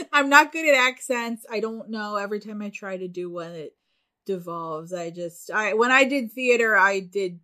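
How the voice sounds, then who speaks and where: A woman with a mid-pitched voice co-hosts a podcast in casual conversation. She sounds eager and laughs often as she talks. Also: expressive, a little slow, pushed and bright. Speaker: podcast co-host. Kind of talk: casual chat.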